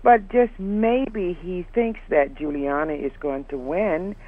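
A man's voice: high voice, slow pace. A man calling in to a radio show, speaking politely and measuredly. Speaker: caller. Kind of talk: call-in radio comment. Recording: tinny phone line.

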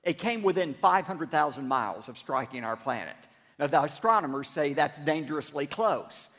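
A man's voice: on the high side, expressive, moderate pace, a bit bright, long reverb tail. A man preaching a sermon as pastor, emphatic and leading the congregation in repeated phrases, recorded in a church sanctuary.

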